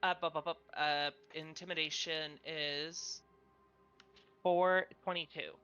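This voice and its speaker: A tabletop player describes a character's moves in a chatty, halting way. The voice is bright and smooth. The stream audio sounds dull and lo-fi. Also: medium pitch, steady tone, faint music behind.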